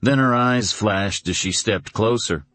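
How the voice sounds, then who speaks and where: A man with a very low voice reads a suspense audiobook in a measured, dramatic way. The recording is close and completely dry. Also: fairly bright tone, no echo. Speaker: audiobook narrator. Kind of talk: scripted narration.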